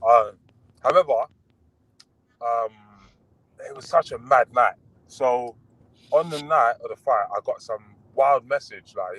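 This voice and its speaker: A young man, a boxer talking casually as an interview guest over a video call, relaxed and rambling with lots of fillers and restarts. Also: mid-range voice, measured pace, long pauses, rough recording.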